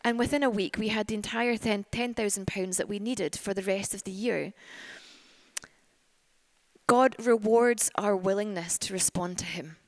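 A woman preaching a sermon at a church service, earnest and warm-hearted, moved to tears at times. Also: medium pitch, normal speed, dry recording. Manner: earnest, gets emotional and laughs through tears.

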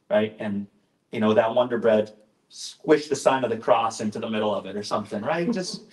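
A man's voice: lowish voice, animated, brisk. A male pastor giving an informal, conversational talk, often interrupting himself with asides and jokes. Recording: roomy echoing room.

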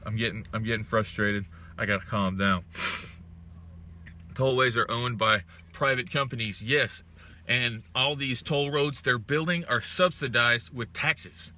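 A man's voice: mid-range voice, sharp tone, a little hiss or hum. A young man on a casual smoke-break vlog, ranting in exasperated, profane bursts and reading out chat comments. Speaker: vlogger reading live chat.

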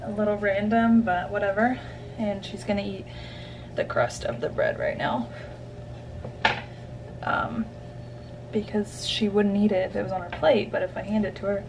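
A young woman talks into her phone at home for her vlog, slow and chatty, wandering from thought to thought with plenty of "um"s. Her voice sits at a middle pitch. The recording carries a steady layer of background noise. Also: far from the mic. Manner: chatty, rambling with many fillers. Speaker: vlogger. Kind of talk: casual vlog chat.

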